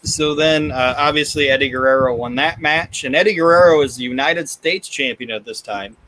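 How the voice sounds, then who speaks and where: Male podcast co-host, bright tone, loose chatty delivery. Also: fairly high pitch, moderate pace, a little hiss or hum, low-quality recording. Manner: swears freely, laughs often. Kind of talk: casual chat recapping wrestling.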